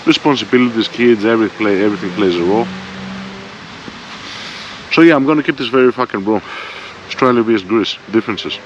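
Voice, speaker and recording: Speaking fast in a lowish voice but leaving long pauses, this man in his forties delivers a blunt, profane, rambling rant for his motorbike vlog. The bike-mounted front camera captures him outdoors, with dull lo-fi sound and faint vehicle noise behind him.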